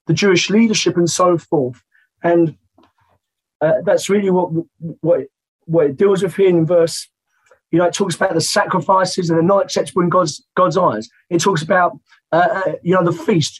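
A male preacher with a hoarse, croaky voice, delivering a sermon and reading scripture slowly, repeating phrases for emphasis. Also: high-pitched, poor audio.

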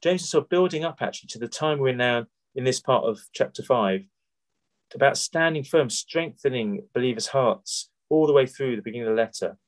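A man from Britain preaches a sermon in an easy, conversational way. He keeps asking his listeners rhetorical questions and often restarts a phrase mid-sentence. His voice sits at an ordinary middle pitch. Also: expressive, a little fast.

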